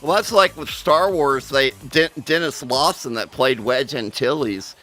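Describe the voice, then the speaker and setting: A man's voice: mid-range voice, measured pace, pushed and bright, faint music behind. A man chatting casually on a podcast, blunt and enthusiastic, swearing a lot. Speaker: podcast co-host. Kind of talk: casual chat.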